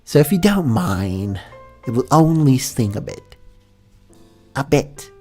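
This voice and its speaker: A man voicing a haughty vampire mare in a stiff put-on British accent, speaking slow and clear as if to a fool. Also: mid-range voice, very animated, dark tone, soft background music, voice pushed up. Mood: commanding.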